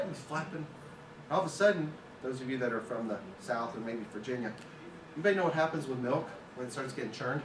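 A man's voice: medium pitch, fast talker, a little hiss or hum. Man lecturing in an echoey classroom. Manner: conversational, anecdotal. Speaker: guest speaker. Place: film school classroom. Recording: echoey room, distant mic.

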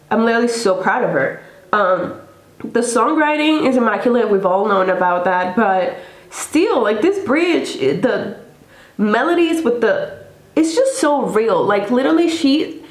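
Gushing young woman, echoey room. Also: on the high side. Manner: gushing, effusive, lots of "like" and "literally". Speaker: reaction video host. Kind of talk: casual music reaction. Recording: echoey room with music playing. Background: faint music.

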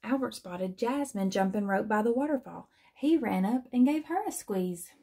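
A woman teacher reading a children's storybook aloud in a gentle, expressive manner. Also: medium pitch, normal speed, breathy edge.

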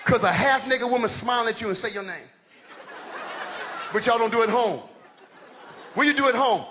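A middle-aged man doing stand-up comedy on a large stage, loud and animated, shouting his punchlines. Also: extremely high pitch, moderate pace, pauses often. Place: large comedy stage before a live audience. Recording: live show with crowd laughter and noise.

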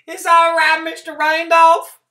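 A man reading a storybook aloud and voicing a huge, frantic old foster mother with a wailing falsetto and a folksy drawl. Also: completely flat delivery, unhurried, pushed and bright, heavily acted. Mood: fussing.

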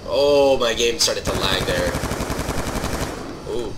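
Brief: male gaming host, lowish register, excitable commentary with sudden loud outbursts over steady background noise. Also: moderate pace. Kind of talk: live gameplay commentary.

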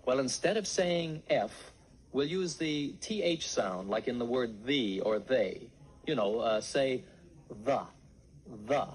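A man teaching ventriloquism on a scripted instructional record, patient and gently firm as he coaches. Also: mid-range voice, lively intonation, a little slow, rough recording.

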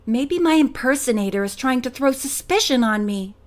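A woman reading the part of a calm, thoughtful teenage girl detective in an audiobook. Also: sits high, moderate pace.

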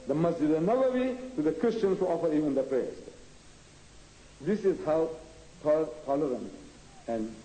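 A man giving a public religious lecture, emphatic and conversational, who breaks into chanting and mimicking voices and speaks straight to his listeners. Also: slight background noise. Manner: animated, emphatic, chants and mimics voices with sudden pitch jumps; repetitive, conversational, addresses listeners directly. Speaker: Muslim preacher and debater. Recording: roomy hall recording.

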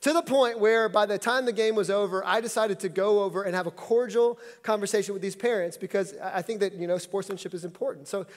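A man in his thirties delivers a sermon with a notably high voice, joking and telling stories in a loose, conversational way. His words carry through a church hall with a long echo. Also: fast, hardly any pauses. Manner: humorous, conversational storytelling. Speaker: pastor.

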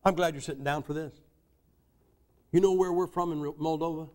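Older american guy preaching, high voice, joking folksy style, punches words up loud. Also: steady tone, brisk. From United States. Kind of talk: sermon.

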